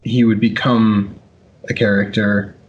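Low-voiced hesitant podcast man. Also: level tone, measured pace, highs cut off. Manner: hesitant, filler-heavy, agreeable. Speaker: podcast co-host. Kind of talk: casual chat about tabletop game rules.

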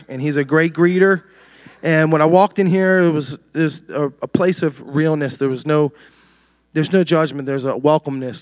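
A man's voice: fairly high pitch, dry recording. A man from Maryland giving an earnest, preacherly testimony at a church service and quoting scripture. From Maryland, USA.

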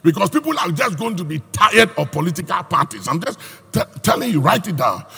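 Man, pastor preaching, high lively voice, gravelly edge, hall echo, faint music. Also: a little fast. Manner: preaching with rising shouts and sung phrases. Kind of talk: sermon.

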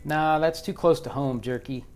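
A man's voice: fairly high pitch, normal speed, faint music behind, lightly acted. A man playing an intense father who coaches his son's football team, in a spoken story. He is dry and wry with his friend, firm and commanding with the players.

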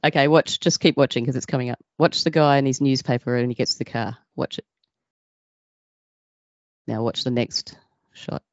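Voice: medium pitch, normal speed, long pauses, dry recording. A guest on a podcast, chatting casually about a film and pointing out small details in its scenes. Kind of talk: casual movie review chat. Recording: dry, muffled podcast audio.

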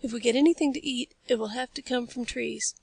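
A composed male scientist from an old adventure story lays out his reasoning step by step, as a woman reads him aloud. The voice sits a little high with a gravelly edge. It sounds close and dry. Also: a little mellow, no room sound. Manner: measured, explanatory. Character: calm, learned adult male scientist.

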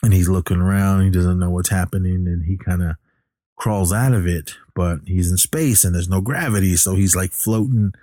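Deep, dark-voiced man rambling through a movie recap. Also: fairly even intonation, normal speed, dry recording, clean studio sound. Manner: rambling, many fillers and restarts. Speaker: film recapper. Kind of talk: casual movie plot recap.

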